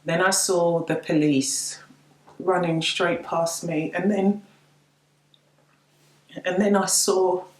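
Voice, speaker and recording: A middle-aged woman telling of her daughter's death, halting and tearful, repeating her words. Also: on the low side, level tone, darkish tone, echoey room, low-quality recording. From United Kingdom. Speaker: bereaved mother sharing her story. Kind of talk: personal testimony to camera.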